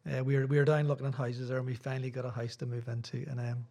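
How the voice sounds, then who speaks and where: A man's voice: mid-range voice, flat delivery, very fast, mellow. Chatty Irish man preaching in church. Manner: rambling, self-deprecating, chatty asides. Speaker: visiting preacher. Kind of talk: sermon with casual chat.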